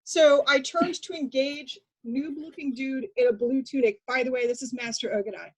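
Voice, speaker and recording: A woman with a high voice tells animated stories in a casual chat. She restarts sentences often and laughs between lines. She co-hosts the conversation. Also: normal speed, low-quality recording. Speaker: podcast co-host.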